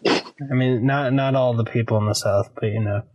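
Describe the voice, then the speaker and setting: A man's voice: medium pitch, fairly even intonation, fairly quick, a little mellow, rough recording. A man co-hosting a podcast, chatting casually in a rambling, joking, self-mocking way and laughing often. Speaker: podcast co-host. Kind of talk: casual chat about a TV show.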